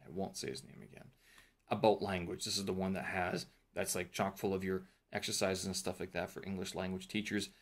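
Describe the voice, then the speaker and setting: A man with a fairly low voice talks through his study notes for a vlog. He rambles and thinks aloud, full of fillers and restarts, in a relaxed, unscripted way. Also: a little fast. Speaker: vlogger reviewing a teacher training course. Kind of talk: casual talk-through vlog.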